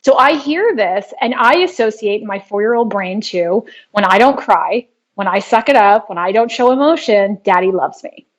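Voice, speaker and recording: A woman guest in an interview, explaining her work earnestly and telling a personal story in a steady way. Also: medium pitch, normal speed. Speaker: guest, trauma healing practitioner. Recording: dull lo-fi sound.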